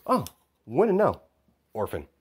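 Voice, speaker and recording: A man's voice: medium pitch, wildly swooping pitch, takes it slowly, a little mellow, breathy edge, voice pushed up, full character voice. A man voicing a gleeful villainous boy, the Joker's son, in a taunting, cheerfully menacing manner. He is telling a casual homemade story.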